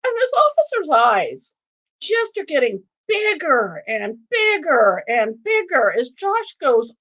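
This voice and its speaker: Woman author telling a funny story, high voice, really animated, muffled stream audio. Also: slow. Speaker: author and guest reader. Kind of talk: storytelling anecdote at a live online event.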